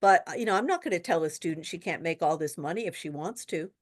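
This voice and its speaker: A woman's voice: fairly low pitch, quick pace. Woman tutor running an online real estate class, chatty, acts out little stories. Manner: chatty, animated storytelling with quoted dialogue. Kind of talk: webinar lesson with anecdotes.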